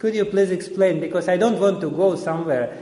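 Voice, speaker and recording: A man voicing a calm, patient old male hermit who speaks politely, in an echoey hall. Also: sits high, brisk, slight background noise, voice pushed up, natural voice. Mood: curious.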